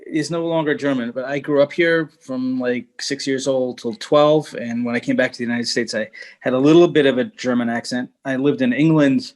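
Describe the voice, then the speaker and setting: A man speaking as a guest market analyst over a video call, talking in halting bursts with many fillers and restarts. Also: medium pitch, steady tone, poor audio. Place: Munich, remote.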